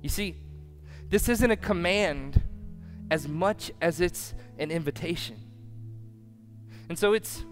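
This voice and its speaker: A pastor delivering a sermon who swings from loud declarations to hushed lines and acts out listeners' reactions. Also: male voice, fairly high pitch, normal speed, long pauses, faint music behind.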